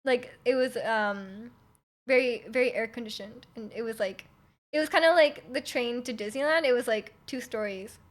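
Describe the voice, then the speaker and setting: High-voiced rambling young Canadian woman. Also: normal speed. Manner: rambling, many likes and ums, giggly. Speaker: streamer. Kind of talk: casual chat.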